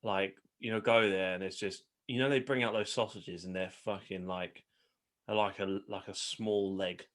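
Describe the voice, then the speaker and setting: A man's voice: deep voice, fairly even intonation, normal speed, a bit bright. Man, podcast co-host, casual crude banter. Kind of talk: casual chat.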